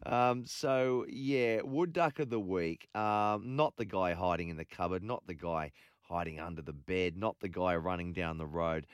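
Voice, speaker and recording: A man's voice: low-pitched, level tone, unhurried, clear, resonant tone, no echo, clean studio sound. A man with an Australian accent hosting late-night sports radio, casual and rambling, with lots of ums and uhs. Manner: laid-back, rambling, full of ums and uhs. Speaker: radio host. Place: radio studio.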